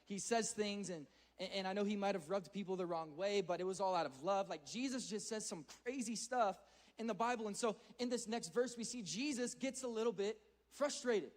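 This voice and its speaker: A man's voice: high-pitched, a little fast. A man giving an earnest, conversational sermon to a youth audience, often repeating words as he speeds up. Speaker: youth speaker.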